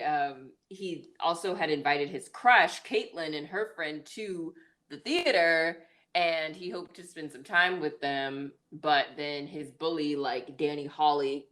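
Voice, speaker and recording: A woman with a low voice talks through a movie's plot in a loose, casual podcast recap. She fills her sentences with "like" and "um" and laughs now and then. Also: fairly bright tone. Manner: chatty, full of "like" and "um". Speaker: podcast co-host.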